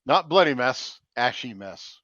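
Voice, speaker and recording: A man's voice: medium pitch, expressive, unhurried, a bit bright, dry recording, muffled recording. A man playing a tabletop game who jokes and swears casually with the group. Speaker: player.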